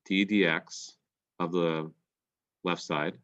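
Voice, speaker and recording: A male math teacher explaining calculus step by step, a bit congested and clearing his throat now and then. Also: low voice, fairly even intonation, drawn-out words, fairly bright tone. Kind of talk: recorded calculus lesson.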